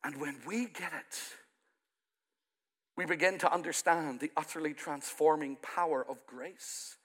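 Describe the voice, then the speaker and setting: A man from Ireland, the pastor of the church, preaching a sermon that swells loud in places and then falls to a quiet, intimate tone. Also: fairly high pitch. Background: soft music from the church band.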